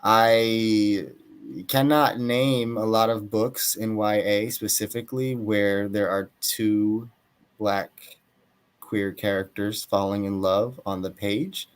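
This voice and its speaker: A man's voice: lowish voice, steady tone, slow pace, clean tone. A young man from Atlanta, Georgia, losing his voice, talking thoughtfully in an interview as an author guest, with many fillers and hedges. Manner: thoughtful, hedging, frequent fillers. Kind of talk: casual interview talk.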